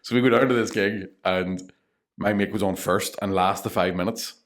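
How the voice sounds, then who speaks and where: A young man with a Northern Irish accent, a comedian telling animated stories on a podcast, swearing freely and laughing through them. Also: deep voice, moderate pace. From Northern Ireland. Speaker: comedian guest. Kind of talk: casual storytelling.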